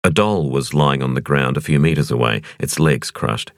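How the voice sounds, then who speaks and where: A man reading a thriller audiobook in a measured, expressive narration. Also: extremely low pitch, no echo. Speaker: audiobook reader.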